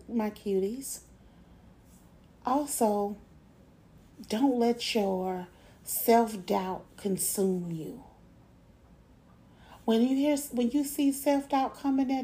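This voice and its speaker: A middle-aged woman hosting a motivational podcast, encouraging listeners and slowly repeating affirmations. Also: fairly high pitch, creaky, dark tone. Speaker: podcast host.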